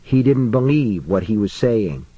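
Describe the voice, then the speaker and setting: A man narrates a suspense story in an unhurried, deliberate pace. His delivery is measured and builds quiet tension. The recording is close and dry, with no room sound at all. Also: fairly low pitch, very animated, slightly rough, no echo, lo-fi sound. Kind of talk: audiobook narration.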